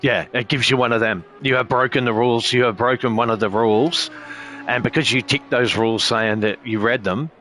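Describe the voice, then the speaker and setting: A man's voice: medium pitch, a little fast, fairly bright tone. A man chatting casually as a sim racing streamer, rambling with heavy swearing and frequent filler phrases. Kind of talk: casual chat.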